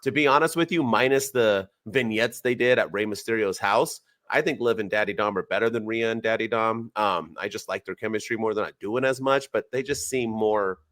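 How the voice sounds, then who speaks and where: A man in his forties co-hosting a wrestling podcast, chatting casually and getting emphatic and excited as a fan. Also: lowish voice, a little fast, few pauses, no room sound, clean studio sound. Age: 40s. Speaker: podcast co-host. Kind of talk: casual chat.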